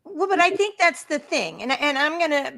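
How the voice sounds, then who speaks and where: A woman's voice: sits high, very animated, moderate pace, creaky, fairly bright tone. A woman hosting a political talk show, explaining her views in an earnest, conversational way. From Oklahoma.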